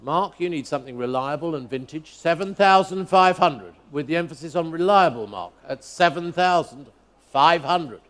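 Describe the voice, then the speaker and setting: Higher-voiced auctioneer calling bids. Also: male voice, expressive, fairly bright tone. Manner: brisk, repeats bids in a rhythmic chant. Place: auction hall at a motor museum.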